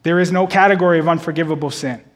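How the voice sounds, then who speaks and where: A man in his thirties delivering a sermon in a church, his voice set a little high. He talks in a loose conversational way and doubles back on words. The sound rings with a long reverb off the hall walls. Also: fairly even intonation, rapid-fire. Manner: conversational, repeats words and phrases. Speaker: preacher.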